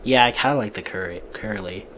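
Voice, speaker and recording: A man's voice: on the low side, a little fast, fairly bright tone, slight background noise. A man hosting a casual movie podcast, giving breezy opinions and often restarting his sentences. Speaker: podcast host.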